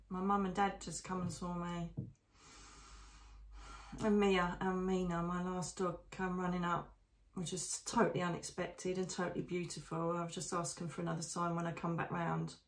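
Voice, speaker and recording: A woman, a psychic medium narrating her visions live in a hushed, emotional, often slow and breathy way. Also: on the low side, flat delivery, roomy sound. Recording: voice distant from the mic.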